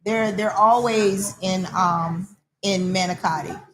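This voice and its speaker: A woman hosting a casual chat in a hair salon, telling stories with lively quoted dialogue. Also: mid-range voice, takes it slowly, a little hiss or hum, low-quality recording. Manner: animated storyteller, acts out quoted callers. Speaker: host.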